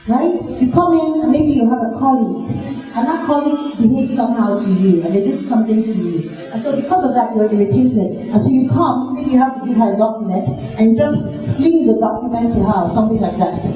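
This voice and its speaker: A woman leading a workshop, speaking in a lively way and asking the audience questions. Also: fairly high pitch, fairly quick. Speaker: workshop facilitator. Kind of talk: interactive seminar talk. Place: large echoing hall. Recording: very echoey hall, faint music.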